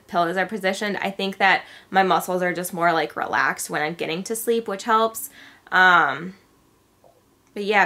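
A young woman vlogging in a bright, clear voice. She talks in a loose, chatty way and leans on filler words throughout. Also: medium pitch. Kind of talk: casual vlog chat.

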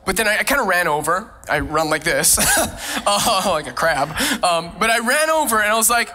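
Bright-voiced man preaching with animated stories. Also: high voice, moderate pace. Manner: animated storytelling, frequent laughs. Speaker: pastor. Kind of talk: sermon.

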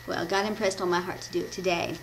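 Reading a devotion from her notes, this woman from the Midwestern United States rambles, trips over words, and laughs while fixing her mistakes. She speaks fast in a steady tone, her voice on the low side with vocal fry. The audio is poor, with slight background noise.

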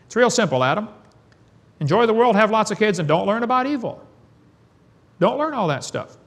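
A man's voice: high-pitched, sing-song, fairly quick. A man giving a preaching lecture to an audience in a folksy, emphatic way, firing off rhetorical questions and chuckling. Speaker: creationist seminar speaker.

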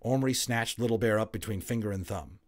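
A man narrating a children's novel aloud in an expressive, lively storytelling manner. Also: fairly low pitch, a little fast. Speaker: audiobook reader.

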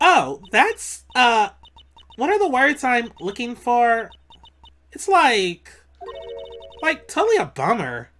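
A woman's voice: a little high, huge pitch swings, slow pace, pauses often, a bit bright, voice pushed up, full character voice. A woman voicing a ditzy young female college student with a valley girl drawl, full of "like". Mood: bubbly.

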